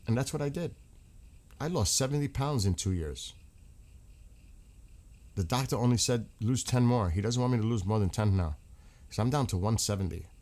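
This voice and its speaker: Male streamer, low pitch, loose rambling chat with viewers, blunt and profane. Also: darkish tone. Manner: rambling, frank, swears freely. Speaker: livestream host. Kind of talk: casual livestream chat.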